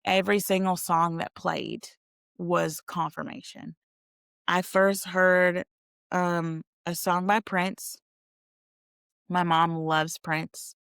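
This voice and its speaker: Candid woman with a gravelly lowish voice. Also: fairly bright tone, no room sound, studio quality. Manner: candid, talks straight to viewers, swears freely. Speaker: vlogger sharing a personal story. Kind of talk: casual storytelling to camera.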